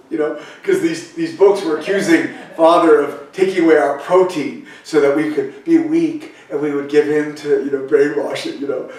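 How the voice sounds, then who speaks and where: A man's voice: fairly high pitch, steady tone, moderate pace, few pauses, a little mellow, recorded from a distance, a little hiss or hum. An older man preaching a conversational sermon, telling stories with chatty asides and restarts. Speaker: pastor. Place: church sanctuary, echoey room. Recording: echoey room, voice from off-mic.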